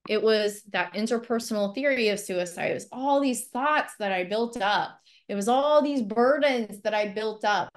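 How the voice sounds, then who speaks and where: A woman mental health counselor giving a training webinar in a loose, conversational way, with lots of "like" and "you know" fillers. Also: mid-range voice.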